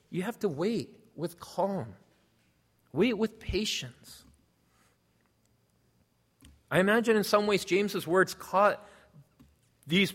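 A man preaching a sermon, explaining a scripture passage in an earnest, teaching manner. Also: high-pitched. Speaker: pastor. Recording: long hall reverb.

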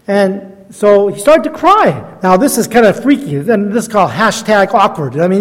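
A guest preacher in his sixties tells stories in a chatty, self-deprecating sermon, laughing at his own jokes. His high voice has lively intonation and a moderate pace, echoing through a large hall.

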